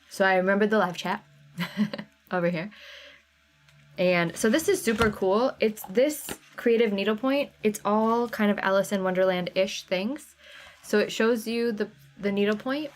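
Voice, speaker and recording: A woman hosting a live craft sale stream. She chats loosely and answers viewers by name as she shows items. Her voice sits at an ordinary middle pitch for a woman. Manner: chatty, reads out viewer names and chat comments. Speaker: livestream sale host. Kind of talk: casual live sale chat.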